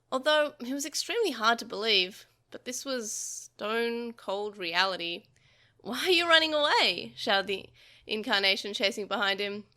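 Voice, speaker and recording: A young adult woman reading a novel aloud for a podcast, telling the story in a lively way with small slips and restarts. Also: mid-range voice.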